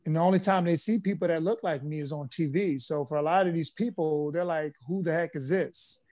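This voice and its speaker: A man being interviewed on a podcast as a former pro basketball player, telling stories in a relaxed way with plenty of fillers. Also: on the high side, a little fast. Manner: relaxed storyteller, easygoing with frequent fillers.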